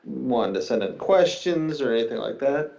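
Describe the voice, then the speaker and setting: A man co-hosting a podcast, asking questions in a halting way full of fillers. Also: medium pitch, expressive, gravelly, muffled recording, a crowd in the background. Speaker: podcast host. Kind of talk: casual interview chat.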